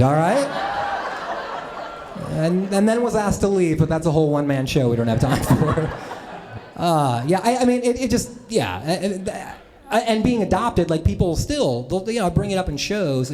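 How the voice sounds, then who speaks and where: A man from the Midwest tells comic personal stories to a live crowd. His voice sits high and swoops with lively pitch. He keeps things chatty and self-mocking, throwing asides to the audience, over a faint hum of room noise. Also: brisk. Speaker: storyteller at a live talk. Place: stage before a laughing live audience.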